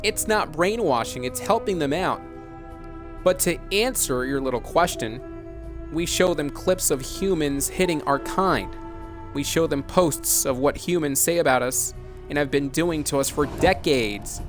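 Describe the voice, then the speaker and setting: Killer clown ringleader, scornful and slow, voiced by a male announcer, pitched a touch high. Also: over music, lightly acted. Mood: defiant.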